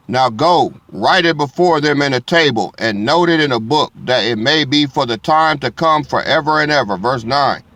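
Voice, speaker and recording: A man's voice: mid-range voice, a bit bright. A man preaching a blunt, profane sermon. He reads scripture aloud and keeps checking in with his listeners.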